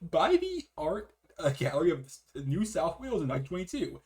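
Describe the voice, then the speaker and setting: A man's voice: on the high side, a little fast. A man co-hosting a casual art history chat, reading aloud with restarts and swearing. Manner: animated, swears, trails off mid-sentence.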